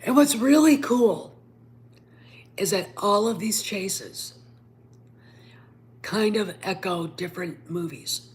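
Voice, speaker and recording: A woman's voice: mid-range voice, animated, takes it slowly, long pauses. Rambling woman giving a film review. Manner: rambling, emphatic, drops to a whisper at times. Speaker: channel host reviewing a film. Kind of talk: casual spoken review.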